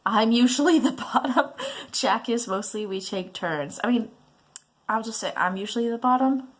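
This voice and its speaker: A woman's voice: on the high side, normal speed, natural voice. A woman voicing a defiant, sarcastic teenage son in a browser game, exasperated with his parents.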